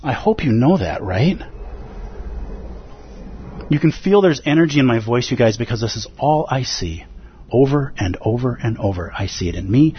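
A man teaching at a Zen center, giving an emphatic, animated dharma talk and acting out the inner voices of his listeners. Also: mid-range voice, normal speed, long pauses, lo-fi sound, a little hiss or hum. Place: Zen center meditation hall.

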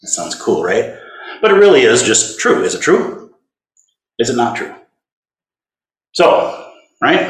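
Gentle man giving a dharma talk. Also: mid-range voice. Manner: gentle, conversational, tender when voicing compassion. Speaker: Zen teacher. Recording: roomy hall recording.

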